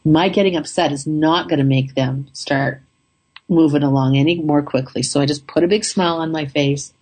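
Low, husky-voiced woman telling a story. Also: normal speed. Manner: upbeat, chatty, relaxed. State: slightly rough throat. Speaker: vlogger telling a travel story. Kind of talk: casual storytelling monologue.

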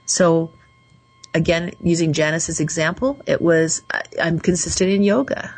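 A woman hosting a call-in radio show, slowly and soothingly guiding listeners through affirmations. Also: sits low, steady tone, poor audio. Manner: slow, soothing, guides affirmations. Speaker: radio show host and coach.

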